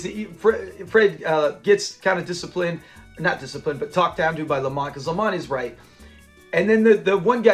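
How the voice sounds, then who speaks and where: A man hosting his own channel, casually recapping a sitcom episode in a chatty, animated way and acting out the quotes. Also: high-pitched.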